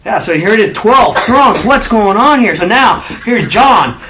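A man preaching a conversational sermon, animated and acting out the disciples' questions in their voices. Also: sits high, a little slow, lo-fi sound, slight background noise.

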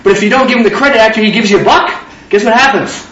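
A man's voice: high voice, racing, a bit bright. A man preaching an informal sermon, talking conversationally and acting out both sides of little dialogues. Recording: distant roomy hall, dull lo-fi sound.

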